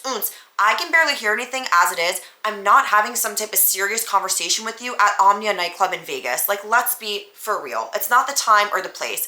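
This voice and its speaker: A woman, hosting a podcast and telling a story in a casual, animated way, full of "like" fillers and acted-out dialogue. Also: mid-range voice, echoey room. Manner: animated, acts out both sides of the conversation; frequent "like" fillers. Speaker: podcast host.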